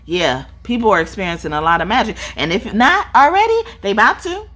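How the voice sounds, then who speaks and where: Animated, profane woman reading tarot. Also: mid-range voice, fairly quick. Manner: animated, profane, laughs often. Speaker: tarot reader.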